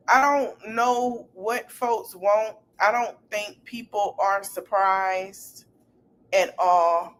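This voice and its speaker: Woman, podcast host, casual commentary, slangy, faint background noise. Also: medium pitch. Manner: animated, slangy, repeats phrases.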